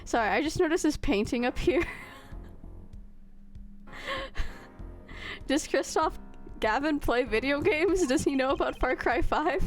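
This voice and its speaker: A woman's voice: sits high, expressive, faint music behind. A woman streaming a game, chatting casually with her viewers and poking fun at herself. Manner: chatty, self-mocking, quick to laugh.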